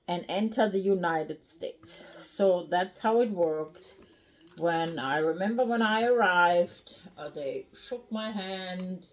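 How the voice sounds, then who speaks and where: An older woman with a German accent chats to camera about her life. She speaks slowly and bluntly, with plenty of fillers. Her voice sits a little low. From North Rhine-Westphalia, Germany. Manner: blunt, chatty, rambling with fillers. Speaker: cooking vlogger. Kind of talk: casual storytelling to camera.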